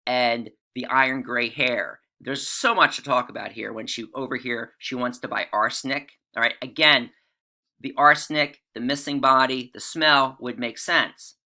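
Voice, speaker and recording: Very bright-voiced middle-aged male teacher. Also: medium pitch, steady tone, moderate pace, creaky. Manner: conversational, checks in with listeners, reads passages aloud. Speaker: English teacher. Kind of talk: literature lecture.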